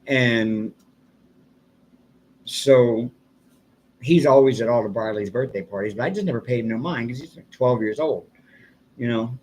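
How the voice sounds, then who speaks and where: A man's voice: medium pitch, unhurried, pauses often, a little mellow, a little hiss or hum. An older man hosting a casual live stream, telling a long rambling story and chuckling often. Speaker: livestream host.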